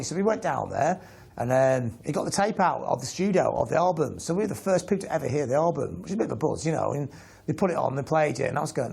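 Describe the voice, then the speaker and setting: Brief: man, gravelly and husky, rattles through a story at speed. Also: a little high, fast. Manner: animated, acts out quoted voices. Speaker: interviewee telling an anecdote. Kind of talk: lively storytelling.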